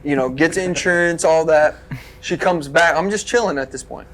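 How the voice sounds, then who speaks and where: Brief: young adult man from Tennessee, podcast guest, lively storyteller, slightly high voice. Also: normal speed. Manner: animated, lively storyteller with sound effects. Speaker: guest, former wrestler. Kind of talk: casual storytelling.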